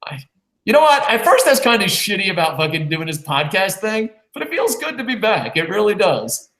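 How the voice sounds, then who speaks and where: A man co-hosting a casual wrestling review podcast, reading viewer comments aloud in a loose, profane, rambling way with quick jokes. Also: high voice, big pitch swings, sharp tone. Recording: roomy echo.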